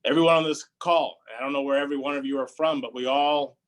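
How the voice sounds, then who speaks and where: A man's voice: a little high, fairly even intonation, fast. A man answering a union member's question at a virtual town hall, starting hesitantly with restarts and fillers. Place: video call.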